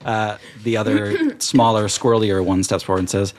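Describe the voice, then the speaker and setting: A man's voice: lowish voice, normal speed, hardly any pauses. A man narrating a tabletop game as game master, telling it loosely with plenty of fillers. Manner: loose, filler-heavy storytelling.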